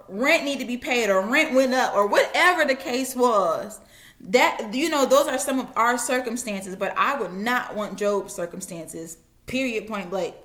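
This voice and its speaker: A woman's voice: on the high side, a bit bright. A woman giving a casual Bible lesson, retelling the story in everyday slang and acting out voices. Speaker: Bible teacher.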